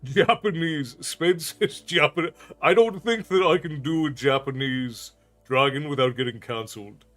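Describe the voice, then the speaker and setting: A man's voice: fairly high pitch, a little slow, fairly bright tone. A man with an unusual Irish accent, chatting with viewers on a live stream and answering their comments aloud. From Ireland. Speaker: storytelling streamer.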